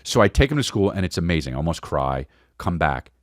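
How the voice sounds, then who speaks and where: A man's voice: low voice, very animated, fast talker, no room sound, clean studio sound. Man telling a rambling comic story. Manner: rambling, stammering restarts, crude wording. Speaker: podcast host.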